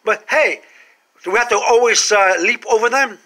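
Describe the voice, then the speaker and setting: A man with a high, bright voice delivers an animated comic monologue straight to camera. He keeps firing rhetorical questions and pauses for effect. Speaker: vlogger.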